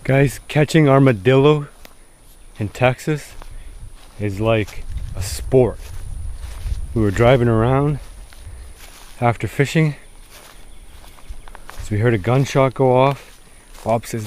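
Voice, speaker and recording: A man's voice: medium pitch, takes it slowly, long pauses, a little mellow, a little hiss or hum. A man narrating an outdoor survival vlog, chatty and speaking straight to viewers, outdoors in rural fields at dusk. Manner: chatty, addresses viewers as guys. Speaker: survival challenge vlogger.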